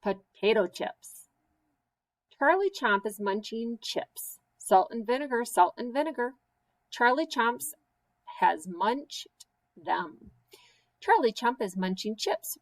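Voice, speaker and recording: A woman teacher reading silly children's poems aloud with slow, sing-song, playful emphasis. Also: a little high, lively intonation, rough recording. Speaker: special education teacher.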